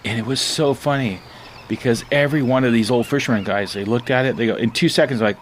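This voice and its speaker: A middle-aged man, a fisherman, telling his own story in a rambling, animated way, often laughing as he talks. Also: medium pitch, quick pace, a little hiss or hum. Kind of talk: casual storytelling interview.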